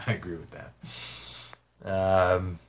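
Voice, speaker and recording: A rambling man chats casually on his livestream, reading out viewer comments. His voice sits a little low, and he laughs and swears freely as he talks. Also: level tone, takes it slowly. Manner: rambling, profane, laughs often.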